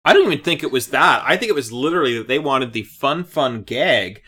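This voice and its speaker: A woman co-hosting a casual podcast chat about a cartoon episode, playful and quick to laugh. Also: very deep voice, animated, fairly bright tone, breathy edge. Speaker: podcast co-host.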